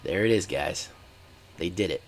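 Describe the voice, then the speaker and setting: A man's voice: low-pitched, animated, moderate pace, slight background noise. A man giving casual, chatty commentary while streaming a card game and talking to his live chat.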